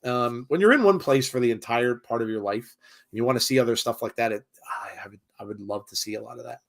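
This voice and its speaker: A middle-aged man from the United States chats casually through a live wrestling watch-along, speaking fast in a mid-range voice with vocal fry. He rambles with plenty of fillers and reads viewers' comments aloud as he goes.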